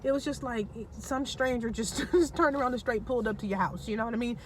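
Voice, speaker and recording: A woman vlogger chatting her way through a personal story, animated and laughing as she goes. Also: a little high, quick pace, faint music behind. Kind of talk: casual storytelling.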